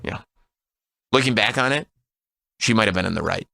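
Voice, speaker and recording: Bright-voiced man telling a studio story. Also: lowish voice, moderate pace, vocal fry, no echo. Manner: storytelling, animated, laughs often. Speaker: radio co-host. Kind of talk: casual radio banter. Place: radio studio.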